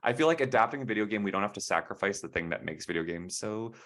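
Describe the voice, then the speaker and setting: A man's voice: fairly low pitch, expressive, quick pace, a bit bright. A young man co-hosting a podcast in casual chat, rambling and hesitant with many fillers and restarts. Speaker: podcast co-host.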